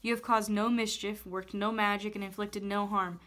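An older grandfather in chains, read by a woman, giving urgent, commanding orders. The reading stays close to her own mid-pitched voice. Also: level tone, moderate pace, a bit bright, lightly acted. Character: shackled grandfather, older man.

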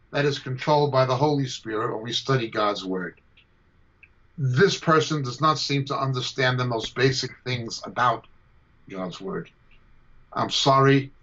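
A man teaching on scripture over a video call, forceful and combative, hammering his points home by repeating them. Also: mid-range voice, measured pace. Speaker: Bible teacher. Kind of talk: emphatic teaching answer to a question. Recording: dull lo-fi video call audio.

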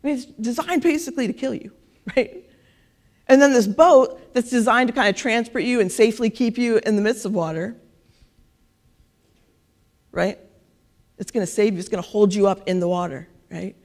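A woman's voice: on the high side, normal speed, long pauses, a little mellow. A woman preaching a casual sermon in church, talking conversationally and often checking in with "right?". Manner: conversational, keeps asking "right?".

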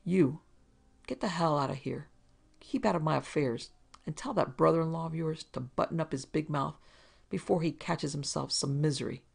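A woman voicing a fat, smooth-talking male crook who is mock-polite and menacing. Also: low voice, normal speed, full character voice.

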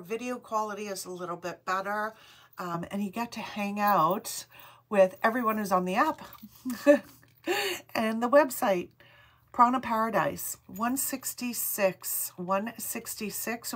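A middle-aged woman with a Rhode Island accent hosts a live online sale in an unhurried, deliberate way. She greets viewers one by one and reads out each item number twice, with a voice pitched in the middle for a woman. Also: fairly bright tone. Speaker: host of a live jewelry sale. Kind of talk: live-stream sales chat.

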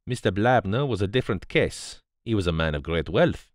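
A man voicing a calm, precise male detective who explains in a placid, grave, measured way. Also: on the low side, no echo, clean studio sound, lightly acted.

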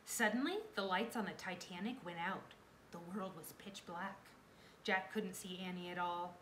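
A woman reading a children's chapter book aloud with expressive, dramatic storytelling. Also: fairly low pitch, moderate pace. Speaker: reader. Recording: roomy echo, faint background noise.

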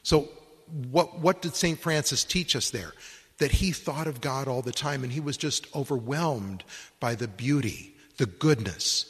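A priest giving a slow, reflective sermon at a conference. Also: male voice, mid-range voice, a bit bright, husky, big-room sound. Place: conference hall.

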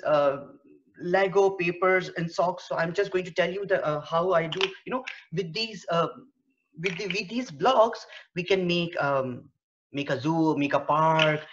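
Slow-speaking woman teaching storytelling. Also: fairly low pitch, a little hiss or hum. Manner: explanatory, many fillers. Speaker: early-years educator. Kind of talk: storytelling lesson. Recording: dull lo-fi recording.

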